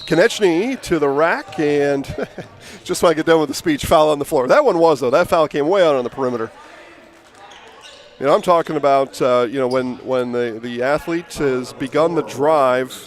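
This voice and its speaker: A man's voice: fairly high pitch, normal speed. Chatty man calling basketball. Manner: chatty, rambling, opinionated asides. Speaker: play-by-play announcer. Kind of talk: sports commentary. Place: gym broadcast booth. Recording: noisy gym audio with ball bouncing.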